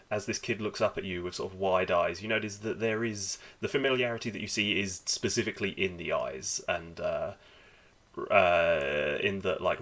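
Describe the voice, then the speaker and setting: A man narrating as game master, halting and filling with ums as he describes the scene. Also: deep voice, a bit bright. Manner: halting, many fillers and restarts.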